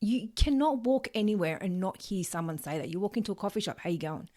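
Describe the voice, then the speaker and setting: On her solo podcast, this Australian host talks quickly in a warm, mid-pitched voice with lively intonation. She's earnest and straightforward, swears casually now and then, and performs common phrases aloud.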